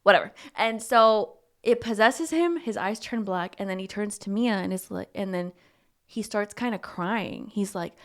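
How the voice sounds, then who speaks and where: A young woman co-hosting a podcast, casually retelling a horror movie plot with lively acted-out lines and casual swearing. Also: mid-range voice, normal speed. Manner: animated storytelling, acting out lines, swears casually. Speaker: podcast co-host.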